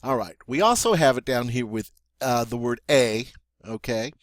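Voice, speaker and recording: A man teaching French pronunciation, explaining slowly and checking in with "okay?" and "all right?" as he goes. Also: mid-range voice, expressive, no echo, studio quality. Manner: slow, deliberate, with many fillers and check-ins like "okay?". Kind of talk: pronunciation lesson.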